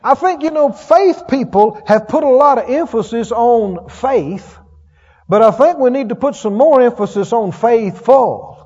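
A man preaching a sermon in a folksy way, chuckling often and swinging from loud calls to hushed storytelling. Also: very high-pitched, animated, measured pace, husky. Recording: dull reverberant hall sound.

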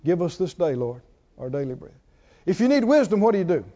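Warm, high-pitched and very animated, this man preaches a little fast. He keeps asking the congregation questions in call-and-response fashion, heard through a dull, lo-fi church recording.

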